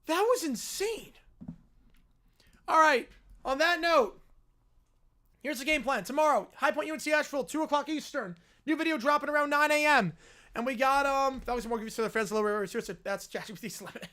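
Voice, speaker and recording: Excitable high-voiced male streamer. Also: quick pace. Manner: exclaiming, disbelieving, laughing. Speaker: live stream host. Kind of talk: casual live-stream reaction.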